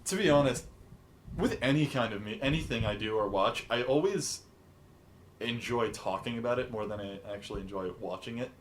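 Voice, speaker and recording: A man's voice: mid-range voice, fairly quick, a little hiss or hum. Co-host, male, dry sarcastic movie recap, casual podcast chat. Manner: deadpan, sarcastic, acts out quotes in silly voices.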